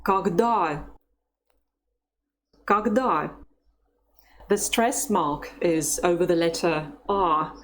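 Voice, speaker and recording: Slow, low-voiced woman teacher. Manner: slow, careful, encouraging. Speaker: language teacher. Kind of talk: instructional lesson narration.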